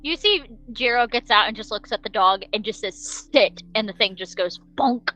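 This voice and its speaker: A woman narrating a tabletop role-playing game as game master, animated and laughing often. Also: fairly high pitch, moderate pace, faint music behind, poor audio.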